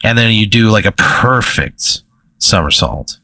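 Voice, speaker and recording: Bright-voiced young man rambling a made-up story. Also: on the low side, animated, measured pace, no echo, poor audio. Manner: rambling, full of "like" and "you know". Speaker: podcast co-host. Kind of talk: improvised storytelling.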